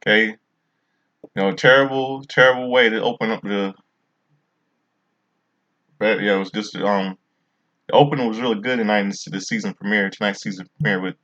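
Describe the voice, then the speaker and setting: Deep-voiced guy doing a casual wrestling review vlog, rambly, slightly muffled lo-fi audio. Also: fairly even intonation, fairly quick, pauses often, a bit bright.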